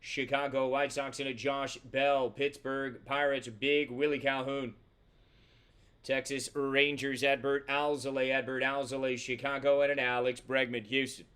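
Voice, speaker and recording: A man's voice: mid-range voice, little pitch movement, a little slow, a bit bright, smooth. A man hosting a live trading card box break, chatting casually with viewers, swearing freely and rattling off player names and teams as he opens packs. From Central Florida.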